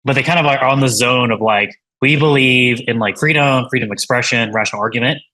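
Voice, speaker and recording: A man's voice: mid-range voice, a little fast, bright, forceful tone, rough recording. A man, a tech founder and interview guest, talking casually in a rambling way with many fillers and restarts.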